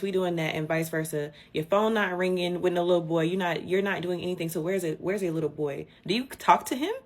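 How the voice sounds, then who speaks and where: A woman telling a personal story in an indignant, animated rant with swearing. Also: lowish voice.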